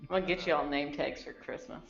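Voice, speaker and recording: A woman's voice: deep voice, a little fast, creaky, dull audio, faint music behind. A woman playing a tabletop game, bantering in a dry, teasing way. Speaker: player. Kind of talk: casual role-play banter.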